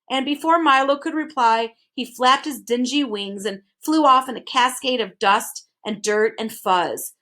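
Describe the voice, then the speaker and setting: Bright-voiced woman reading a storybook. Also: medium pitch, normal speed. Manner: expressive. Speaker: reader. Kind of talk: storybook read-aloud.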